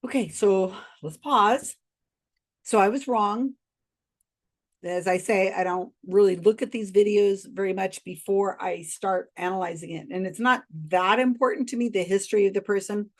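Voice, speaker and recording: A woman hosting a reaction channel, casually and skeptically commenting on a video she has paused. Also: mid-range voice.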